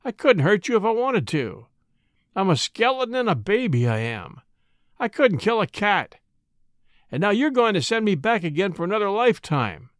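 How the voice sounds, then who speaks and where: A man doing a hoarse, desperate old convict. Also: sits high, no room sound, clean studio sound, pitched above the performer's own voice. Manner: fierce, dogged, pleading. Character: desperate bitter ex-convict burglar, middle-aged man.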